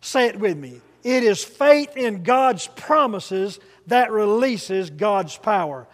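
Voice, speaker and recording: A man's voice: high-pitched, lively intonation, takes it slowly, big-room sound. A man preaching a sermon, emphatic and leading the congregation to repeat phrases after him.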